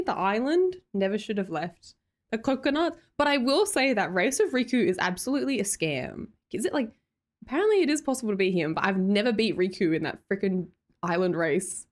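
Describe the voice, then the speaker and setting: An Australian woman hosting a livestream, chatting casually and reading out viewer comments in a bubbly way, laughing often. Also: medium pitch. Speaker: livestream host.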